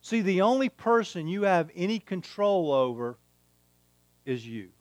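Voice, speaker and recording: Guy preaching a sermon, kinda high voice, repeats stuff for emphasis, dry sound. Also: sing-song, measured pace, dry recording. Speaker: pastor.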